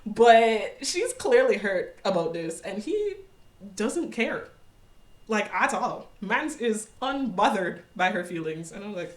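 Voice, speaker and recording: A young woman casually recapping a series, sassy and animated, with slang and quick asides. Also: mid-range voice, roomy sound. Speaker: recap vlogger.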